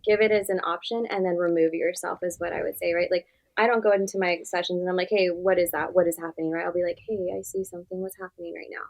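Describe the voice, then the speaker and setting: Woman therapist, podcast guest, lowish voice, direct and earnest, casual "like"-filled delivery. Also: fairly even intonation, fast talker, rough recording. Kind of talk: podcast interview conversation.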